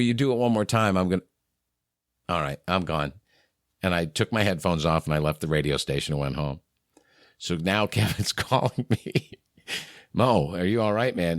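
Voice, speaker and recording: In crisp, echo-free studio audio, a low-voiced man talks as a podcast guest. He's a middle-aged radio morning host from New England, sharing frank stories in conversation and voicing the people he quotes.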